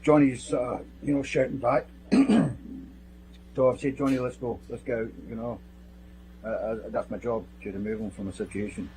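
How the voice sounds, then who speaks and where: Middle-aged man, security type on the witness stand, blunt and plain-spoken, mid-pitched voice. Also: fairly even intonation, normal speed, darkish tone, slight background noise, low-quality recording. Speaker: security team member testifying as witness. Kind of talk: recounting events in sworn testimony.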